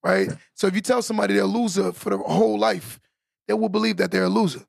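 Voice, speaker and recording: A man's voice: sits high, fairly even intonation, fast, creaky, no room sound, clean studio sound. A middle-aged man, a podcast guest and former athlete, making earnest points and often checking in with "right?". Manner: earnest, keeps asking "right?" as he makes a point. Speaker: guest, former pro basketball player. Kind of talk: casual podcast interview.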